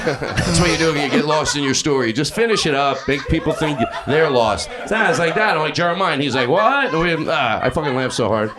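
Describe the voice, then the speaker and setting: A man doing improvised stand-up in a comedy club, yelling and then mumbling his asides. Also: on the high side, fast talker. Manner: loud, excitable, swings between yelling and mumbling asides. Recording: live club with crowd laughter. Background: audience laughter.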